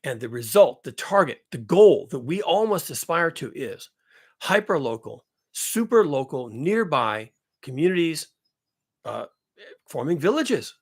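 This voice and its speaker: Man, high husky voice, blunt profane rant, repeats himself for emphasis. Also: sing-song, a little slow. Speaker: climate commentator. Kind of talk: ranting monologue.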